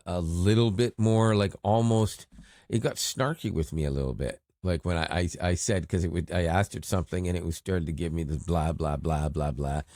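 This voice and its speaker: A middle-aged man from Toronto, co-hosting a podcast in casual, expressive chat with frequent restarts. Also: deep voice, no echo, clean studio sound. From Toronto, Canada. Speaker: podcast co-host.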